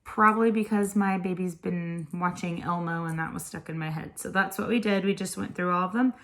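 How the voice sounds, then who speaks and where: A woman with a slightly low voice talks in an easy, chatty way, like a tutor walking other parents through a lesson. She sounds a little tired and explains things step by step. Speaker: homeschool tutor. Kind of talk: casual instructional video.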